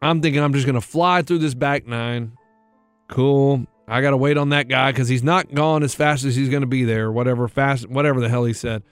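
A man's voice: medium pitch, fairly even intonation, fairly quick, clean tone, dry recording, faint music behind. A man co-hosting a radio show, telling a story in casual chat and acting out the other people in it. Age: middle-aged.

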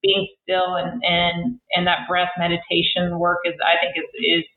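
A woman's voice: on the low side, completely flat delivery, normal speed, echoey room. Chatty woman on a tinny call. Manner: chatty, many fillers and restarts. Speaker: physical therapist guest. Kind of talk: casual interview talk.

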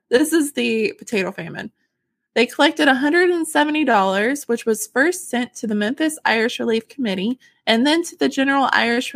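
A woman co-hosting a chatty podcast, slightly high-pitched and recorded dry and close. She reads out a news item, then gushes about it with giggles and teary warmth. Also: no echo. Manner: warm, emotional and giggly, tears up easily. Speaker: podcast co-host. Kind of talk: casual chat with read-out news.

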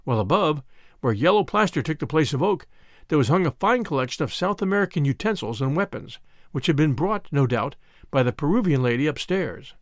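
Man, story narration, lively pitch, slightly high voice, dry close sound. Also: fairly quick, dry recording. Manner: expressive storytelling. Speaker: audiobook narrator. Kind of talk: scripted narration.

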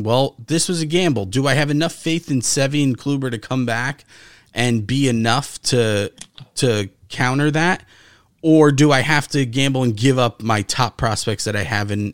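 A man's voice: medium pitch, no echo, clean studio sound. A man co-hosting a casual sports podcast, talking emphatically and swearing often. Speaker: podcast co-host.

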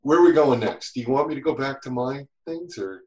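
A man's voice: mid-range voice, fairly quick. Chatty man in an echoey room. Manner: animated storyteller, acts out quotes. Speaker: guest, safety instructor. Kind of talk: casual podcast chat.

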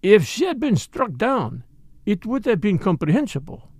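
A man doing a gentle, precise older detective. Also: sits high, huge pitch swings, dry recording, heavily acted. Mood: probing. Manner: gentle, formal, measured.

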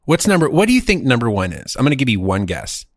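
A man's voice: mid-range voice, huge pitch swings, quick pace, no echo. A man hosting a podcast, joking and self-deprecating in casual chat from a home studio. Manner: joking, self-deprecating, drawls a mock artist catchphrase. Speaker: podcast host.

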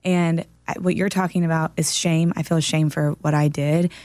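A woman's voice: deep voice, little pitch movement, normal speed, darkish tone, no room sound. A woman co-hosting a casual talk show, telling a story in an earnest, emphatic way. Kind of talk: casual podcast chat.

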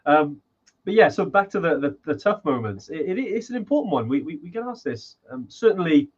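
A man's voice: fairly high pitch, big pitch swings, brisk, breathy edge, highs cut off. A man co-hosting a podcast in casual chat, rambling with lots of restarts and fillers. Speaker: podcast co-host.

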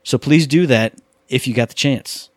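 A man's voice: mid-range voice, normal speed, no echo, clean studio sound. A man hosting a podcast, easygoing and a little rambling as he chats and asks listeners for their support. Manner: easygoing, rambling, friendly pleading. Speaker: podcast host. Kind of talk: casual chat and show plugs.

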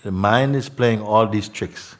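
A man giving a spiritual talk to a gathering, reflective, often adding "no?" and "hmm?". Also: lowish voice. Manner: slow, reflective, tag questions like "no?" and "hmm?". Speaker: spiritual teacher. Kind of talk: satsang talk.

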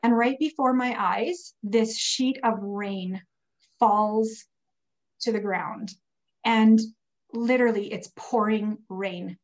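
A woman's voice: a little high, slow pace, rough recording. Earnest woman telling a heartfelt story. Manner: earnest, emotional storytelling with many fillers. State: recovering from pneumonia. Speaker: guest telling a personal story. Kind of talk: casual testimony.

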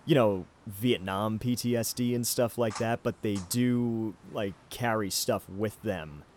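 A man's voice: fairly low pitch, a little slow, darkish tone, slight background noise. A man hosting a podcast, talking through his opinions casually with plenty of ums and restarts. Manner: rambling, many ums and restarts. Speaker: podcast host. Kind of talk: casual anime discussion.

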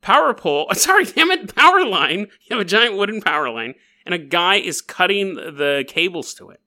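A man hosting a paranormal news podcast, telling stories in an animated, jokey way and acting them out. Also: high voice, moderate pace. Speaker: podcast host. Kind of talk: comedic paranormal news monologue.

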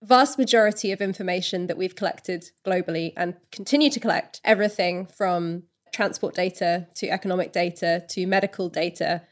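A woman writer as an interview guest, explaining in a thoughtful, explanatory way and sometimes correcting herself mid-sentence. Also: on the low side. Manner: thoughtful, explanatory, with occasional self-correcting restarts. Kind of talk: podcast interview.

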